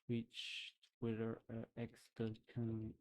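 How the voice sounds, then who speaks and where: A man's voice: medium pitch, monotone, takes it slowly, a little mellow. A man from France with a French accent, chatting casually on a live stream and thinking aloud with lots of fillers.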